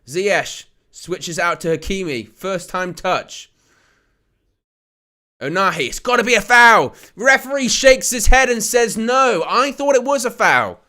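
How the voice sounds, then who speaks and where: A man hosting a live football watch-along, giving excitable play-by-play between jokey chat with viewers, laughing often and rising to shouts at near-misses. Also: sits high, a little slow.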